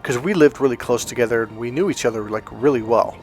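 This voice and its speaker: A relationship coach from Northern California tells a childhood story in a casual monologue, leaning heavily on "like" and acting out quoted lines. His mid-range voice moves fast, with soft music in the background.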